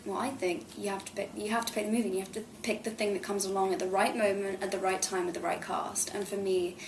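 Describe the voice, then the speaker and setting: A woman's voice: mid-range voice, little pitch movement, quick pace, a little hiss or hum. A young adult woman, an actress, talking chattily and effusively as a guest in a candid press interview. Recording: roomy echo.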